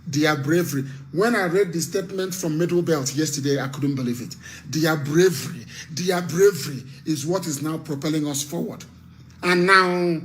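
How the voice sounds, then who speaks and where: A man's voice: a little high, a bit bright. A man with a Nigerian accent giving an impassioned radio address as a political activist, fiery and repetitive, barking orders.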